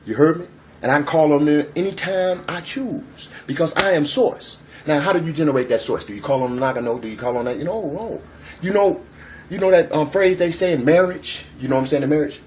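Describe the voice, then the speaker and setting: A man rants through a freewheeling spiritual monologue in a fairly high voice. He talks with heavy profanity and street slang, hammering points home by repeating them. A faint hiss of noise sits under his voice. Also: fast talker. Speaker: spiritual vlogger.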